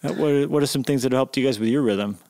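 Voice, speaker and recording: A man's voice: mid-range voice, quick pace, a little mellow. A man hosting a podcast, asking curious questions and riffing on tangents with a joking manner. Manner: curious, joking interviewer who riffs on tangents. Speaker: podcast host. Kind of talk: casual podcast conversation.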